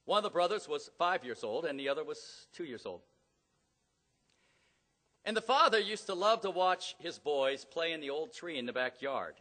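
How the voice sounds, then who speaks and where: A middle-aged man preaching a sermon in a church, telling stories dramatically and rising to loud emphatic peaks. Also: fairly high pitch. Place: church hall. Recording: long hall reverb.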